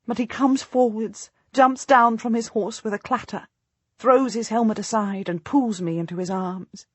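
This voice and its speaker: Breathy woman narrating an audiobook. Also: a little high, steady tone, no echo. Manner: measured, storytelling. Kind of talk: first-person scripted narration.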